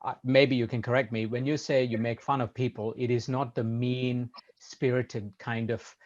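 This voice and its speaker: A man hosting a podcast, talking in a measured, hedging way with many restarts. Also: mid-range voice, level tone, darkish tone, muffled recording. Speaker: podcast host. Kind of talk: casual conversation.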